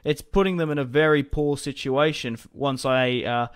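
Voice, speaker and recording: A young man talks his way through a strategy game in a casual, rambling way. His voice is smooth and clear at an everyday middle pitch. He sounds like he is at a desk mic in a room at home. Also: normal speed. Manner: chatty, rambling, laughs often. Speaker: gaming commentator.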